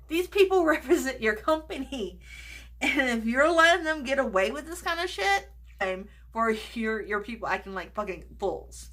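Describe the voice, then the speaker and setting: A woman's voice: high-pitched, animated, normal speed, bright, forceful tone. A woman chatting casually in a makeup vlog, gushing over products, swearing freely and dropping into whispers. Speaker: beauty vlogger.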